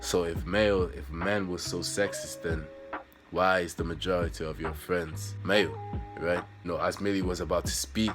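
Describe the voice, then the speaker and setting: A young man tells a story in a loose, rambling way, leaning on fillers. His voice sits low, and guitar music plays clearly behind him. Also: steady tone, moderate pace. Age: young adult. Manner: rambling, heavy use of "you know" and "bro". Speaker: vlogger. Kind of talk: casual storytelling.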